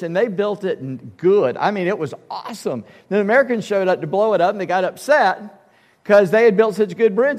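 A man's voice: high voice, lively intonation, moderate pace, a little mellow, in a large hall. A male pastor preaching a sermon in an emphatic, conversational way with casual asides. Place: church sanctuary.

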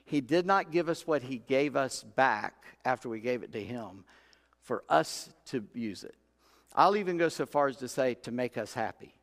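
The sermon comes from a pastor whose mid-range voice is expressive and fairly bright, delivered at normal speed. Folksy stories and acted-out quotes fill the church sanctuary, which echoes with long hall reverb.

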